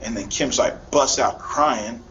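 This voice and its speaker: A man's voice: medium pitch, measured pace, fairly bright tone. A middle-aged man tells his account in an interview, rambling and emotional, often restarting his sentences. The audio is dull and lo-fi, with a faint noise underneath. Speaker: interviewee, father.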